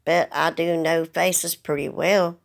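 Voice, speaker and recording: A woman's voice: fairly low pitch, steady tone, slow pace, gravelly. A woman speaking earnestly to the camera, holding back tears as she pleads. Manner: earnest, pleading, plain-spoken. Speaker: vlogger. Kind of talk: emotional direct-to-camera message.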